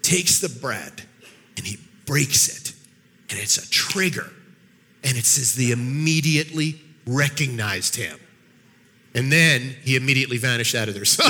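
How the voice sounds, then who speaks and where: A man with a high, bright voice gives a sermon as a guest speaker. He tells the story with energy, acts out the characters in quick voices and often stumbles over repeated words. The sound carries a long reverb from a large hall. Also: animated, slight background noise.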